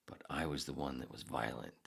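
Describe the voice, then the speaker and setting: A man hosting a podcast who rants angrily and sarcastically, swearing heavily and swinging from mutters to shouts. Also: very deep voice, brisk, creaky, husky. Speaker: podcast host. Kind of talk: ranting monologue.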